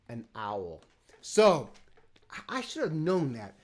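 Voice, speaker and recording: A man's voice: sits high, takes it slowly. A teaching artist on a home livestream, talking playfully to children and his dogs between songs. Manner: animated, playful, talks to his dogs and viewers. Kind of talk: children's music session on a livestream. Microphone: livestream camera. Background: guitar.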